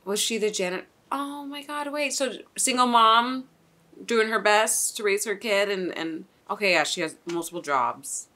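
A woman's voice: medium pitch, moderate pace, bright, forceful tone. A young woman hosting a casual anime reaction, chatty and exclamatory, swearing and laughing as she talks.

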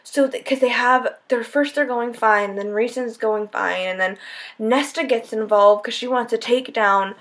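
High-voiced young woman gushing about a book. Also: normal speed, a bit bright. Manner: gushing, breathless, swings into squeals and near-tears. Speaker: book vlogger. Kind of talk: excited spoiler-filled book talk. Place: at home, lit by setting sun.

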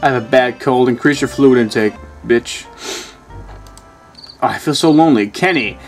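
A man of ordinary pitch mutters his way through a video game, reading out screen text and swearing freely. Faint game music plays underneath his loose, offhand commentary. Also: moderate pace, pauses often. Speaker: gaming channel host. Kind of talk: casual gameplay commentary.

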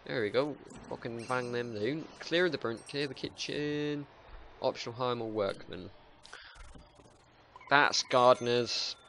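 A man's voice: mid-range voice, takes it slowly, vocal fry, fairly bright tone, a little hiss or hum. A man commentating a game playthrough, hyper and sweary, reading the objectives aloud as he goes.

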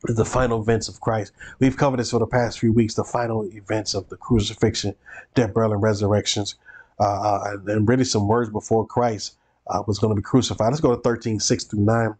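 A man's voice: on the low side, darkish tone. A male pastor teaching a Bible study, preacherly and repeating phrases for emphasis.

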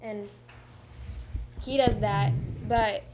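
A woman's voice: mid-range voice, fairly even intonation, very slow, noisy background. A teenage girl co-hosting a youth bulletin, teasing and giggly in playful banter. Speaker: co-host.

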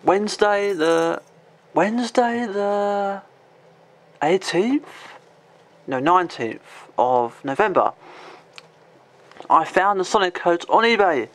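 Guy in his twenties, vlogger, high voice, rambling and sweary. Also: expressive, slow pace, pauses often. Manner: rambling, many fillers, swears at his pet. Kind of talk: casual show-and-tell vlog.

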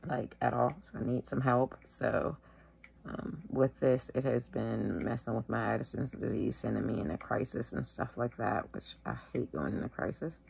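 A sick woman at home, wheezing and short of breath, talking casually to the camera in a tired, slow way. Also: very deep voice, gravelly, a little mellow, slight background noise. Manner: tired, slow, filler-heavy. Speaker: vlogger sharing her illness.

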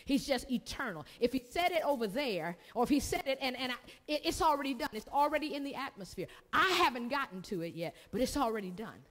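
A woman's voice: sits high, sing-song, fast talker, few pauses, fairly bright tone. Woman preaching in a reverberant hall. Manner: preaching with call-and-response and repetition. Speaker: pastor. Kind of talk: sermon. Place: church sanctuary. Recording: long reverb of a church hall.

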